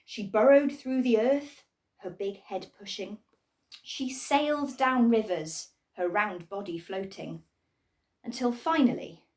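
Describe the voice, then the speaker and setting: Expressive woman reading a children's story. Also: medium pitch, recorded from a distance. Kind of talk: storybook read-aloud.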